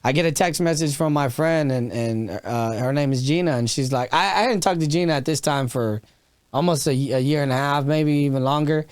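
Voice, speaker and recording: Smooth-voiced man telling a raw story. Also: on the high side, a little fast, no echo. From Texas. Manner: raw and emotional, swears freely, frequent restarts. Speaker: podcast guest, comedian. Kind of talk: candid storytelling interview.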